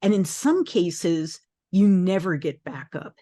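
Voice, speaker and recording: A middle-aged woman, an industry analyst, speaking in a measured, explanatory conversational discussion. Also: lowish voice, lively intonation, mellow.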